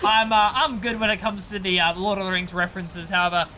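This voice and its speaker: A man co-commentating a strategy video game in an easygoing, casual way, quick to laugh. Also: high-pitched, steady tone, pushed and bright, a little hiss or hum.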